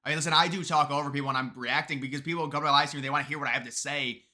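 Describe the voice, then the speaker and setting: Bright-voiced man, opinionated political commentary. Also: a little high, steady tone. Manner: opinionated, mocking, quick asides. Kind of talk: casual political commentary video.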